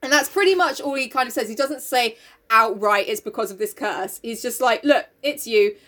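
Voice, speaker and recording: A woman's voice: on the high side, fairly quick, crowd noise. A woman co-hosting a casual chat, retelling a play in an irreverent, sweary, giggly way.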